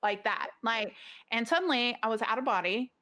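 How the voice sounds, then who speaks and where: A woman's voice: a little high, expressive, moderate pace, pushed and bright. A middle-aged woman, a podcast guest, telling a story in casual conversation, rambling with lots of "like" fillers and restarts.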